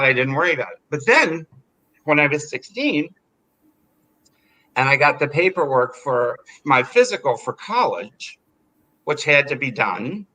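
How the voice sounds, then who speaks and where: A man telling a personal story in an animated, chatty way, full of fillers. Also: mid-range voice, poor audio. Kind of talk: live storytelling.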